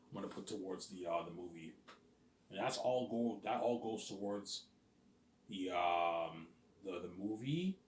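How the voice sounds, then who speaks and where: A man's voice: lowish voice, a little hiss or hum. A man vlogging in a casual rambling monologue, full of fillers, restarts and the odd curse word. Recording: roomy echoing room.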